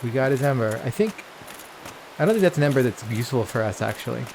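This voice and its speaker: A man's voice: medium pitch, lively intonation, fast, creaky, background noise. Profane, chatty man playing a game. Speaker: let's play gamer. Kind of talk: casual gameplay commentary.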